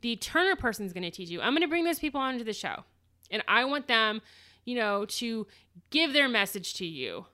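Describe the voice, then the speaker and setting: Bright-voiced chatty woman podcaster. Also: a little high, sing-song, moderate pace. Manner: chatty, rambling with restarts and quoted dialogue. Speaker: podcast host. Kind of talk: casual solo podcast monologue.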